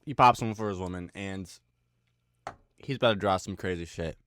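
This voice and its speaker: A man's voice: sits low, moderate pace, fairly bright tone, dry recording, clean studio sound. A man giving a casual, rambling recap of a TV horror episode, full of slang, swearing and fillers. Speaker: video commentator.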